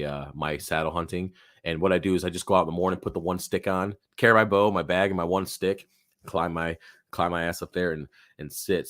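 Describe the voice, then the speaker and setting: A man hosting a live Q&A stream from his office, chatting casually and rambling with lots of fillers, his voice hoarse and going. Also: sits low, no room sound, studio quality. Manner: rambling, relaxed, many fillers and restarts. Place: home office.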